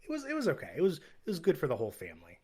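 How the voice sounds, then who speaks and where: A man co-hosting a podcast, chatting in a relaxed, rambling way about a film and laughing as he retells scenes. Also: on the high side, very fast, slightly rough. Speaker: podcast co-host. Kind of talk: casual film review chat.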